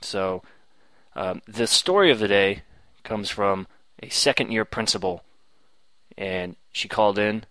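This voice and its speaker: A man's voice: lowish voice, measured pace, long pauses, pushed and bright, no echo. A man hosting a podcast for teachers, friendly and inviting, in casual chat. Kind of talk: casual upbeat podcast intro.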